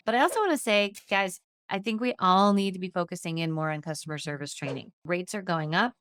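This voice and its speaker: A woman with a lowish, smooth, clear voice leads a podcast training session. She talks in an upbeat, chatty way. The sound is dry and close. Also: a bit bright, no echo. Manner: upbeat and chatty, briefly acts out customer-service lines. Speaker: insurance agency trainer and podcast host.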